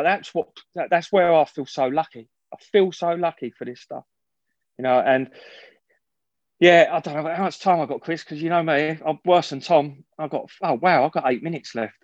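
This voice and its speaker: A man's voice: fairly high pitch, normal speed, no echo. A man speaks frankly at a recovery meeting, looping back and restarting his sentences as he goes. The sound is dry and close, with a slightly dull, muffled quality. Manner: rambling, frank, swears, many restarts. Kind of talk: personal share at a recovery meeting.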